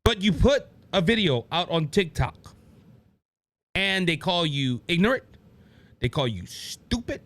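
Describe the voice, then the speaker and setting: A Cajun-accented man hosts a solo political talk show. His voice sits fairly high and swings widely in pitch. He rambles, restarts his sentences and keeps calling out to his listeners. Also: measured pace, long pauses. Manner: animated and rambling, frequent restarts, addresses listeners as ladies and gentlemen. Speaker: podcast host.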